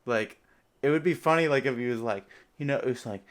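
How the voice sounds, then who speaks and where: A man's voice: medium pitch, a little fast. A young man hosting a podcast in casual chat, rambling with lots of filler words and frequent laughter. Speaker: podcast host.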